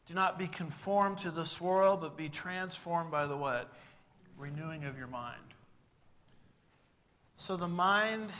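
A man's voice: fairly high pitch, fairly bright tone. A man preaching a sermon to a congregation, emphatic and full of rhetorical questions. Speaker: pastor.

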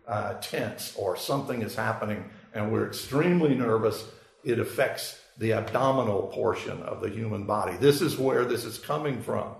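A male preacher delivering a sermon, taking his time to explain and leaning on small fillers as he thinks aloud. His voice has a gravelly fry at a middle pitch. The sound carries the echo of a church sanctuary. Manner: explanatory, unhurried, with frequent fillers. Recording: echoey room.

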